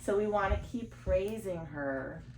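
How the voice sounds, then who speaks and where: Lady lactation coach, bouncy pitch, echoey room with noise behind her. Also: measured pace. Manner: sing-song baby talk mixed with calm explanations to parents. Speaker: lactation consultant. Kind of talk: coaching parents in a feeding session.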